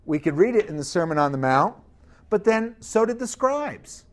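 A man's voice: high-pitched, sing-song, normal speed. A man preaching a sermon, emphatic, asking the congregation rhetorical questions.

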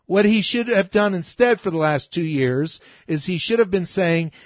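Male talk host, fairly high voice, emphatic and scolding, dry muffled sound. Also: expressive, normal speed, hardly any pauses, no room sound. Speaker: radio talk show host. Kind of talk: political commentary monologue.

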